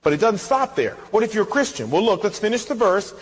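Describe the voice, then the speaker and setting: Male pastor, high and husky, animated sermon, reverberant hall. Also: quick pace. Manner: animated storytelling, acts out dialogue.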